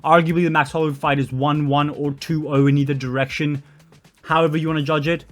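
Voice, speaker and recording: A young man with a slightly high voice talks through his picks in a blunt, opinionated way. He stumbles, corrects himself and fills gaps with "um" as he goes. Faint music plays under his voice. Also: little pitch movement, quick pace. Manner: blunt, opinionated, with frequent fillers and self-corrections. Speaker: MMA commentary channel host. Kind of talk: opinionated solo commentary.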